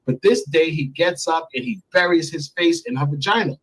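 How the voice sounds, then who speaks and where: A man in his thirties, recounting a story candidly and profanely in an interview, getting animated as he goes. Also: moderate pace, slightly rough, rough recording. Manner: animated, profane, climbs high when excited. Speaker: interview guest. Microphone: remote stream mic.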